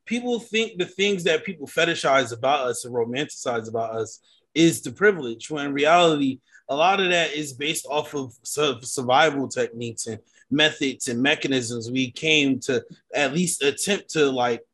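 A man talking in a casual discussion, animated and full of restarts. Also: mid-range voice, moderate pace. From United States. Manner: animated, many restarts and fillers. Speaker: panelist.

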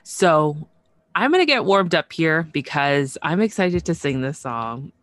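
A woman's voice: low-pitched, lively intonation, measured pace, no echo. A woman co-hosting a podcast in casual chat, bubbly and laughing often, with lots of "you know" and "like". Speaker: podcast co-host.

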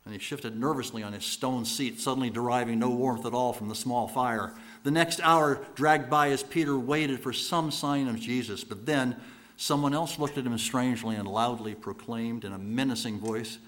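A male preacher with a mid-pitched voice tells stories as a sermon. He builds with rhetorical repetition and swings between loud bursts and hushed, slowed lines. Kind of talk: dramatic sermon storytelling.

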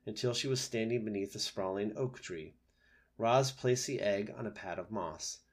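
A man narrates a children's book in a lowish voice. His delivery is steady and gentle. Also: husky. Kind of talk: reading a children's book aloud.

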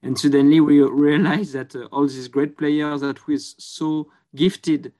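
A man's voice: a little high, steady tone, a little slow, warm tone. A man with a French accent, a journalist guest answering in English, hesitant and full of uhs while he searches for words. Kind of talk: interview answers.

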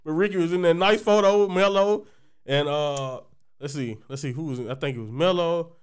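Man, podcast co-host, casual rambling chat, jokey, resonant clean voice, a little higher. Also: brisk, clean tone. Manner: joking, rambling, laughs often.

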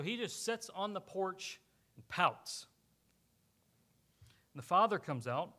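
Animated preaching man, bright voice. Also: sits high, slow, long pauses. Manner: animated storytelling, acting out characters. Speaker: pastor. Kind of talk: sermon.

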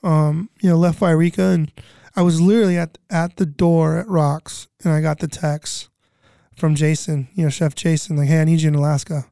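A man's voice: fairly high pitch, flat delivery, normal speed, vocal fry, warm tone, dry recording, clean studio sound. A man in his thirties telling stories from relief work in a casual chat, rambling with lots of fillers and swearing. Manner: rambling, many "you know" fillers, swears. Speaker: guest, disaster relief cook.

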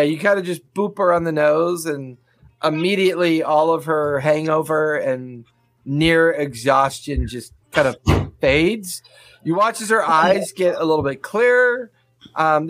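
A man's voice: a little high, no echo. Laid-back man narrating a tabletop game. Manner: relaxed, hesitant narration with fillers. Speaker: game master.

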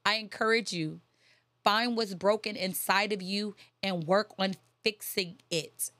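A woman's voice: mid-range voice, steady tone, measured pace, fairly bright tone, dry recording, studio quality. A woman giving a faith-based motivational talk, emphatic and repeating her key phrases. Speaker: motivational speaker.

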